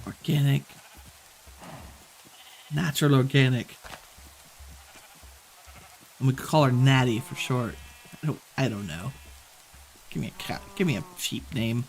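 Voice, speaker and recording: Gravelly, chatty man streaming a game. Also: mid-range voice, unhurried, pauses often, slight background noise, poor audio. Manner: chatty and rambling, laughs easily. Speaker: gaming streamer. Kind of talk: relaxed gameplay chat.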